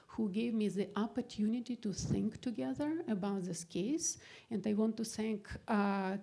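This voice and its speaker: Woman academic presenting, gravelly low-key voice, pauses to think. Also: warm tone. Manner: thoughtful, searching for words, with hesitations. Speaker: scholar presenting at a panel. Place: gallery event hall.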